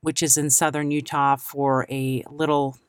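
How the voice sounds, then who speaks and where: Deep-voiced lady hosting a solo podcast, earnest and cheery, dry close mic. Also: level tone, unhurried, clear, resonant tone, no room sound. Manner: earnest and upbeat, warm blessings. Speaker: podcast host.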